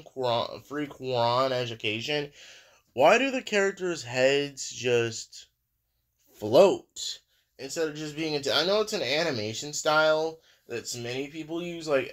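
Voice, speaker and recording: A man hosting a reaction video, musing aloud in a rambling, casual way with lots of fillers. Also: on the high side.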